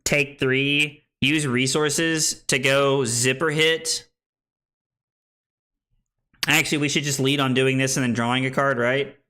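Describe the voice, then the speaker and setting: A man's voice: mid-range voice, steady tone, slow, long pauses, pushed and bright. A young man streaming a card game live, talking through his plays and joking with chat in a playful, self-deprecating way. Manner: playful, self-deprecating, chatting with viewers while playing.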